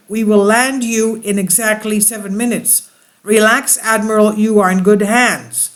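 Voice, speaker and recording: A man's voice: high voice, fairly bright tone. A man reading a diary aloud with slips and restarts, stopping often to explain it to his listeners. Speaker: channel host reading and commenting.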